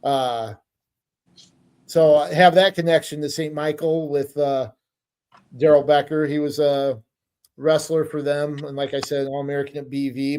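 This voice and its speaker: A man's voice: fairly high pitch, warm tone. A middle-aged man co-hosting a podcast, telling stories in a rambling, hesitant casual chat. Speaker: podcast co-host.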